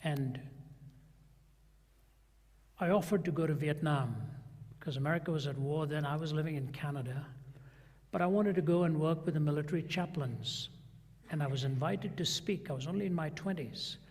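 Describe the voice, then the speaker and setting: A husky older man gives a sermon, his voice sitting a little high for a man. He tells his stories with lively acted-out dialogue. A long reverb trails each phrase, as in a large hall. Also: normal speed, long pauses. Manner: animated storyteller who acts out quoted voices. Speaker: preacher. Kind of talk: sermon storytelling.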